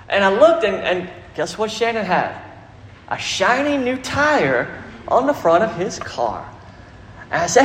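Pastor, drawl, middle-aged man, high tenor voice, storytelling sermon in a big reverberant church. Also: moderate pace, vocal fry, slight background noise. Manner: storytelling, animated preaching with acted quotes. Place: large church hall. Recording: echoey hall, faint ambience.

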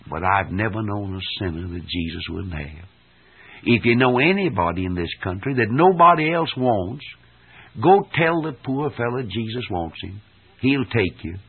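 A man preaching a fervent revival sermon, exhorting his listeners, swelling loud and dropping soft. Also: sits low, normal speed, vocal fry, husky. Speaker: evangelist preacher. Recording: tinny old archive sermon recording.

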